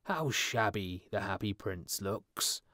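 A self-important middle-aged town mayor from a fairy tale, loud and emphatic, played by a male reader. The voice stays fairly low but is pushed up in volume for his pronouncements. It is recorded dry and close. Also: expressive, takes it slowly, no echo, exaggerated voice. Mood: pompous.

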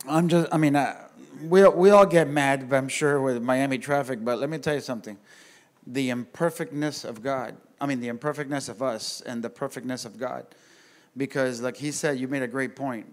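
A male pastor telling a story in a casual, animated way to a men's group at church, talking straight to his listeners. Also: medium pitch. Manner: animated, conversational, addresses the audience directly. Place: church gathering room.

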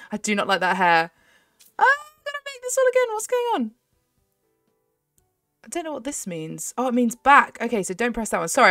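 A young woman host chatting excitedly as she plays a game, often laughing. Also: mid-range voice, dry recording, clean studio sound. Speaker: gaming channel host. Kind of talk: casual gameplay commentary.

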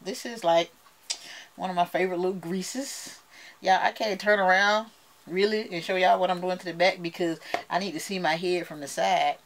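A woman's voice: fairly low pitch, steady tone, normal speed, a little hiss or hum. Woman vlogger, Southern accent, chatty and playful, talks straight to her viewers. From United States. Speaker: beauty vlogger. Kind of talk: casual chat to camera.

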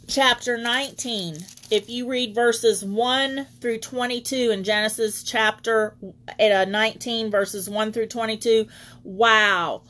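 A woman's voice: fairly high pitch, fairly bright tone. A woman leading an online Bible teaching as preacher, reading scripture aloud and greeting viewers by name.

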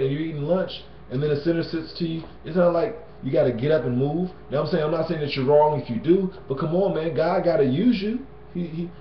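A man's voice: a little high, slight background noise. A man giving a casual Bible teaching in a slangy, conversational way, often adding "you know what I'm saying" and "man.". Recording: roomy, dull lo-fi sound.

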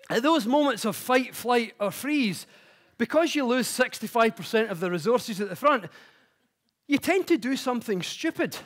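On a conference stage before an audience, a man with a high, light voice gives a public talk at a moderate pace. He lays out ideas plainly, then drifts into chatty, self-mocking personal anecdotes that grow more animated as he goes.

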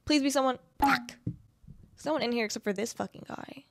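A woman's voice: a little high, brisk. A woman in her twenties giving casual gameplay commentary, chatty and sarcastic, with casual swearing. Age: 20s. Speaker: gaming video creator.

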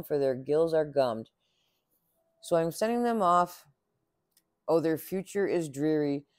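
A man's voice: a little high, a little mellow, dry recording, lightly acted. A grumpy little storybook forest creature scolds in a raised, snappish voice, as a man reading aloud puts him on. He sniffles and complains with indignant bite. The read-aloud is dry and close, with no room around it.

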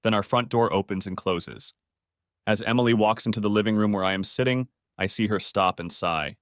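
A man's voice: on the low side, a little fast, dry recording, clean studio sound. Man narrating a first-person audiobook. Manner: calm, steady first-person telling. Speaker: story narrator.

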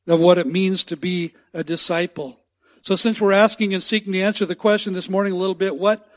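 Male pastor, high-pitched, earnest sermon delivery that repeats key lines for weight. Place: church sanctuary.

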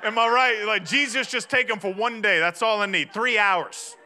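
A man, preaching a sermon in a chatty, storytelling way that rises to shouts. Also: high voice, normal speed, a little hiss or hum. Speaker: pastor.

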